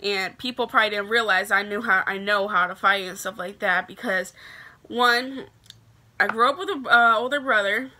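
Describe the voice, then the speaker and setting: A young woman from Illinois telling a story to her camera in a chatty, animated way, full of "like" fillers. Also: mid-range voice, normal speed.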